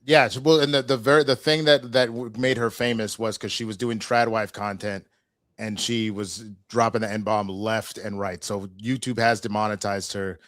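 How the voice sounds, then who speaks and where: Man, low voice, dry close sound, loose hesitant podcast talk. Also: level tone, moderate pace, fairly bright tone, no room sound. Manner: loose, hesitant, full of fillers. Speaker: podcast co-host. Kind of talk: casual chat.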